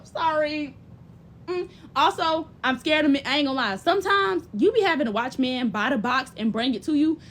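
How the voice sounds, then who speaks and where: High-pitched blunt young woman. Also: slight background noise. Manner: blunt, profane, sisterly advice-giving; animated, mimics others' voices. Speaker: livestream host. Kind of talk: casual chat.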